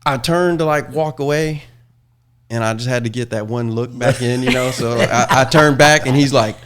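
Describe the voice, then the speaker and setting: A middle-aged man hosting a podcast, swearing freely and telling animated stories with frequent laughter. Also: mid-range voice, normal speed, noisy background. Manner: profane, animated storyteller, laughs often. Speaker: podcast host. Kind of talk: casual chat, storytelling.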